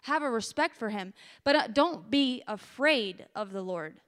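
A woman's voice: fairly high pitch, animated, measured pace, fairly bright tone. A woman preaching a testimony sermon with passion, her voice cracking with emotion as it builds.

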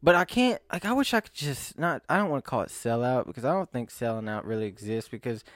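A man's voice: mid-range voice, lively intonation, fast talker, dry recording. A young man vlogging to camera in a rambling, self-mocking monologue, often breaking into laughs and sighs.

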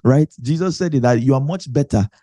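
A man's voice: medium pitch, brisk, dark tone, dry recording. A man preaching a conversational Bible teaching, chatty and self-correcting, laughing often.

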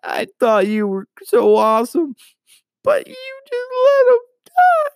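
A man voicing a grieving, reproachful woman in a shrill falsetto. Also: huge pitch swings, slow, no room sound, clean studio sound, heavily acted.

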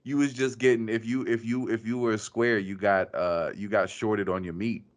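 Low voiced guy cohosting a podcast, chill and joking around. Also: fairly even intonation, moderate pace. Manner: laid-back, jokey, laughs often. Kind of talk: casual chat.

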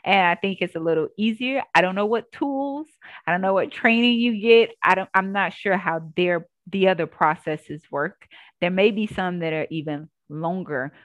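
A woman yoga instructor telling her story in a casual interview, earnest and animated, acting out what people said. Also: on the low side, moderate pace, no room sound.

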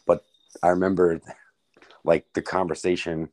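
A man's voice: low voice, flat delivery, normal speed, a little mellow, dry recording. A man chatting casually as a podcast guest in a laid-back way, calling the host man and bro. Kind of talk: casual chat.

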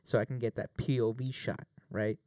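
A man's voice: mid-range voice, normal speed, dry recording, muffled recording. A man telling a long story with jokes and swearing, playing a plaintiff in a mock trial. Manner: animated, swearing, jokey. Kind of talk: casual mock courtroom storytelling.

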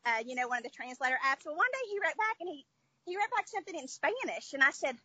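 A woman's voice: high-pitched, big pitch swings, fast, sharp tone, dry recording, rough recording. A woman with a Southern American twang, a children's book author chatting upbeat in an interview, with many fillers. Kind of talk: casual interview chat.

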